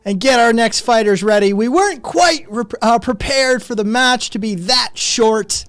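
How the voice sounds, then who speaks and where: A man voicing a loud, brisk male fight-arena announcer. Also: very high voice, clear, resonant tone, no echo, soft background music, voice pushed up. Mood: announcing.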